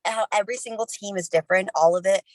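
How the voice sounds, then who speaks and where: A woman talks on a livestream in a chatty, energetic motivational way, full of quick asides and little self-interruptions. Her voice is close and dry, with no room sound, and sits at a middle pitch. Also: no echo, rough recording. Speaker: team leader sharing a conference recap. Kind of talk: casual motivational talk on a livestream.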